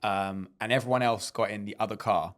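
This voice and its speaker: A man's voice: fairly low pitch, steady tone, a little fast, fairly bright tone. A man co-hosting a comedy podcast, telling a rambling, sweary story in casual chat. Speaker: podcast co-host.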